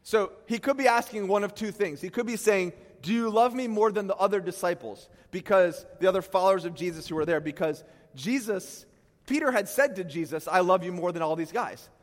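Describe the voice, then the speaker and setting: Middle-aged male pastor, animated sermon delivery, high voice, echoing hall. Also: brisk. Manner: animated, acts out quotes with sudden loud bursts, self-deprecating asides. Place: church stage. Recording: long hall reverb.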